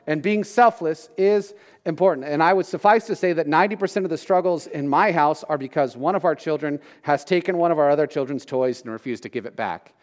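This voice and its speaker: A man's voice: fairly high pitch, big-room sound. A man in his thirties preaching a sermon in a conversational, joking way, often asking his listeners questions. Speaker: pastor.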